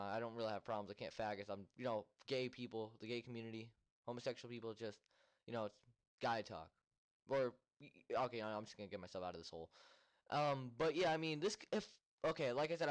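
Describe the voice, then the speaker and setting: A young man recording casual gameplay commentary at home, rambling with many ums and mildly annoyed complaints. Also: medium pitch. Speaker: gaming commentator. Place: home room.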